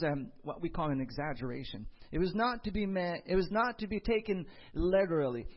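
A young man delivering a sermon, mixing Bible teaching with a personal story he acts out in different voices. His voice sits a bit high for a man, and the recording sounds dull and lo-fi. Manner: animated storyteller acting out dialogue. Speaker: pastor.

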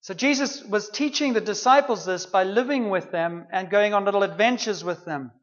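A man's voice: high voice, moderate pace, highs cut off. A man preaching a sermon in a conversational, humorous way, with playful asides to the congregation.

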